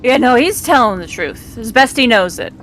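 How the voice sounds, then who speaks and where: A woman playing a tabletop role-play, chatting quickly and casually. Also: fairly high pitch, animated, a bit bright. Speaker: player.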